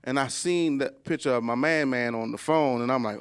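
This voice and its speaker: A man in his forties doing a stand-up comedy story, jumping into high squeals when he acts out quotes. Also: brisk, smooth. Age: 40s. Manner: animated, jumps into high squeals acting out quotes.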